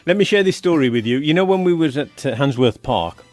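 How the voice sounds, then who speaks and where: A man's voice: fairly high pitch, expressive, brisk, a little mellow, faint music behind. A man hosting a radio show, telling stories and laughing at his own jokes. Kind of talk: casual storytelling chat.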